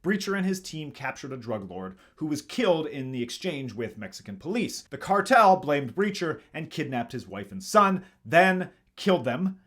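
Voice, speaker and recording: A man's voice: on the high side, big pitch swings, normal speed, hardly any pauses, a bit bright. A man hosting a comedic movie review, narrating the plot with sarcastic asides. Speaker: host.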